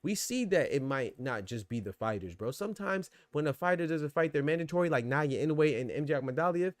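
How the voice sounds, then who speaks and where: A man's voice: a little high, animated, a little fast, dry recording. A man hosting a podcast in casual, slangy commentary, reacting to his live chat as he goes. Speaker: boxing podcast host.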